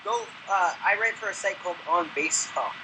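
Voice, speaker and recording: A joking sports podcast co-host with a slightly high voice, who mocks himself about his bad luck. His audio carries a clear layer of noise behind it. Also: normal speed. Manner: joking, self-mocking. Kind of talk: casual sports chat.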